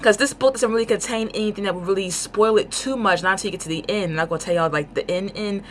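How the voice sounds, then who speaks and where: A woman giving a casual book review, talking in an excited, rambling way with lots of fillers. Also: mid-range voice, fast, slight background noise.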